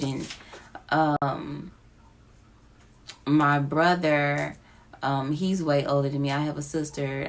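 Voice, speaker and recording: Slow, emotional woman with a gravelly voice. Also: deep voice. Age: adult with children. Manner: slow, halting, emotional, near tears. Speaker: vlogger. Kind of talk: personal confessional vlog. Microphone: phone app recording.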